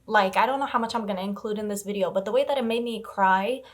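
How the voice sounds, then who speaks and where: A woman's voice: medium pitch, fast. A young woman vlogging about her reading, talking casually and emotionally, exclaiming and gushing, a bit teary. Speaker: book vlogger. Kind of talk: casual reading vlog chat.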